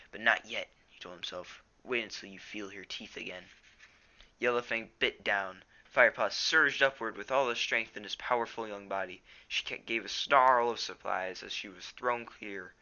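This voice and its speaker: Bright-voiced teenage boy reading aloud. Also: on the low side, muffled recording. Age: teens. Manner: plain reading with small stumbles. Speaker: reader. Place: at home.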